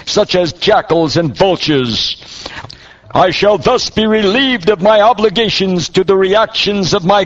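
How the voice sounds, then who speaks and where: Man doing a furious demon warrior, raised pitch, scornful declamation, muffled lo-fi sound. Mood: defiant. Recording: dull lo-fi audio.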